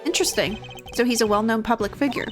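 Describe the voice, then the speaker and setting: A woman voicing a composed, formal male prosecutor who speaks in measured questions. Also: fairly high pitch, music in the background, close to an everyday voice.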